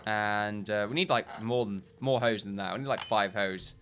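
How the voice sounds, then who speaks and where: A man's voice: lowish voice, normal speed, a bit bright, a little hiss or hum. A man giving casual gameplay commentary, rambling and correcting himself often, with short chuckles.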